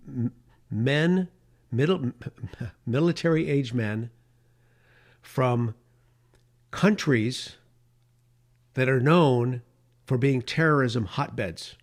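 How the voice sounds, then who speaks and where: A middle-aged man, a radio talk host, giving an impassioned, emphatic podcast monologue. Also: mid-range voice.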